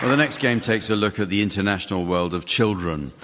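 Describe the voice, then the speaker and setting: Deadpan man hosting a radio panel game. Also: on the low side, fast talker, a crowd in the background, noisy background. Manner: dry, deadpan delivery of jokes. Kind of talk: deadpan comic hosting, reading rhymes aloud. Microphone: studio microphone. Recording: radio studio with a live audience, some hall reverb.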